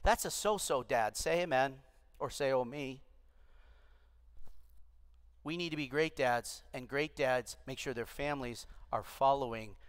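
A man's voice: medium pitch, normal speed, smooth. A middle-aged man, a pastor, preaching a sermon and urging the congregation to respond aloud. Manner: exhorting, calls for congregation responses. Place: large church auditorium. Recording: long hall reverb.

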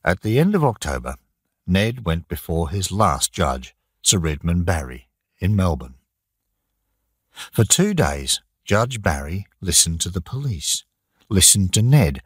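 Deep, husky man reading slowly. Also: no echo, studio quality. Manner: slow, plain, deliberate reading for learners. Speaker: narrator. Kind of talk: graded-reader audiobook narration.

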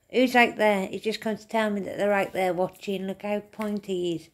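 A woman's voice: medium pitch, steady tone, moderate pace, hardly any pauses. A woman giving a casual, rambling spiritual reading to camera, swearing often and calling the listener mate and darling. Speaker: tarot reader.

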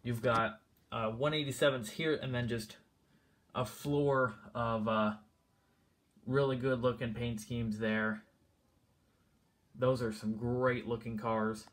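A man's voice: medium pitch, steady tone, slow pace, long pauses. A man casually walking through his diecast car collection, rambling with lots of fillers and a bit out of breath.

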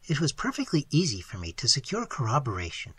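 A reader voicing a candid young waitress. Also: female voice, very deep voice, wildly swooping pitch, fast talker, a bit bright, breathy edge, no room sound, full character voice. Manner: candid, good-humored storytelling. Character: earnest young waitress telling her tale. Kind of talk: audiobook narration.

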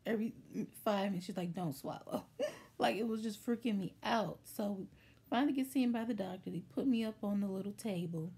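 Chatty woman with a mellow, husky voice. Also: mid-range voice, brisk. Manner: chatty, animated, acts out voices in quotes. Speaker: vlogger telling a childhood story. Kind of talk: casual storytime vlog.

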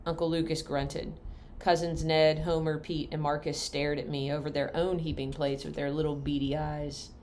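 A woman reading a novel aloud in a folksy, unhurried storytelling manner. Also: deep voice, flat delivery, darkish tone, a little hiss or hum. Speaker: reader.

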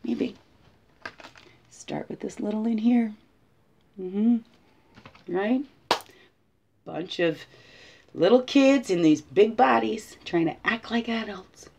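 A woman's voice: medium pitch, expressive, takes it slowly, vocal fry, pauses often, darkish tone, lo-fi sound, a little hiss or hum. A woman giving a casual, reflective spiritual guidance talk, thinking aloud and tagging her sentences with "right?". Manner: tags many sentences with "right?". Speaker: spiritual guide.

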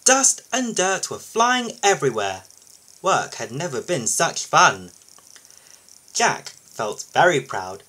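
Guy reading a kids' storybook aloud, animated, bright kinda breathy voice. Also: a little high, slow, poor audio. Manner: lively, expressive read-aloud. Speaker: YouTube storybook reader.

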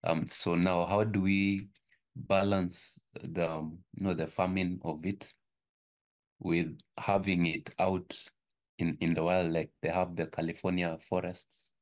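This is a man with an African accent and a notably low voice. He talks haltingly, filling his pauses with "um", as he puts a question to a webinar panel over a video call. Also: little pitch movement. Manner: hesitant, many fillers. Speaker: webinar participant.

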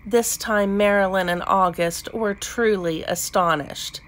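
A woman reading a children's picture book aloud, gentle and expressive. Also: medium pitch, measured pace. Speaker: storybook reader. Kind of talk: children's read-aloud narration.

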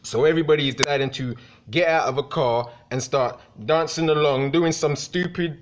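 A man's voice: moderate pace, slight background noise. Heated, cursing young man ranting. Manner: heated, profane, swings in pitch. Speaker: vlogger. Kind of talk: profane rant vlog.

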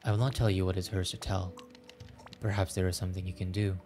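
Man doing a gentle old grandpa, slow and solemn, low voice. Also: flat delivery, faint music behind, natural voice.

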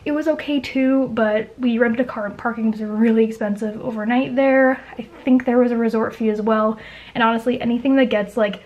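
A young woman from Canada talks fast and chattily to camera, tumbling through asides and fillers as she shares budget travel tips. Her voice sits a little high. The recording sounds a touch dull and muffled. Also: steady tone, darkish tone. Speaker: travel vlogger. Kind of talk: casual chat to camera.

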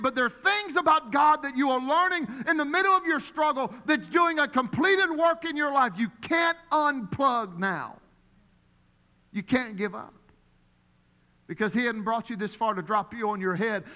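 A man preaching as pastor, emphatic and repetitive, his voice rising to shouts. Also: very high voice, in a large hall, highs cut off. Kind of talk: sermon.

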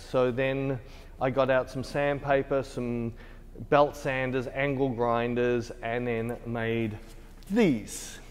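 A man's voice: medium pitch, a little mellow, smooth, long reverb tail. A British man, a photographer, telling a rambling story in casual chat while teaching, laughing easily. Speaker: photographer and tutor. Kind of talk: casual behind-the-scenes chat. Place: photo studio.

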